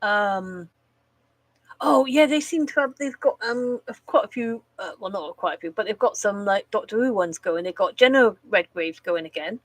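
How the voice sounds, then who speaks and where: A woman's voice: mid-range voice, animated, moderate pace, no echo, low-quality recording. A woman chatting casually on a live stream, rambling, swearing freely and laughing at her own jokes.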